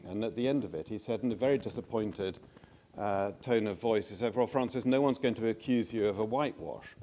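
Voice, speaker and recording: An older man giving a conference speech as a former government minister, measured and anecdotal, with frequent hesitations. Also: lowish voice, darkish tone, slight background noise.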